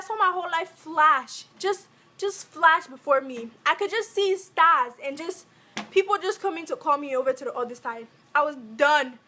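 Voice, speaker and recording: A woman's voice: high voice, moderate pace. A young woman from Africa, a vlogger telling a storytime tale, acting out the quotes as she goes. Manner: animated, acts out every quote. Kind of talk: storytime vlog.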